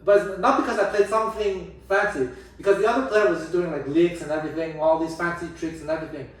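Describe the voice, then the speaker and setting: A jazz guitar teacher and host talks casually but emphatically about playing for an audience, often restarting his sentences. His voice is a little high and fast. The room echoes, the mic is distant, and there's faint ambience.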